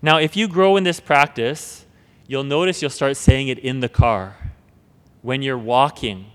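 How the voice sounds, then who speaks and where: A man giving an earnest spoken teaching on prayer, often repeating words and dropping to a hush when reciting prayers. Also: medium pitch, a little slow, smooth. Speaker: preacher. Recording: long hall reverb.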